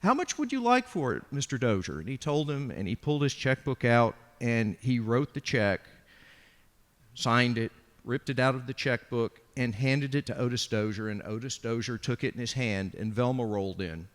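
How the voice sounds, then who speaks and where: A man on a discussion panel telling an anecdote, animated and quick to act out each quote. His mid-pitched voice rings with a long reverb tail from a large hall. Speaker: panelist, art dealer. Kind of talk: storytelling anecdote.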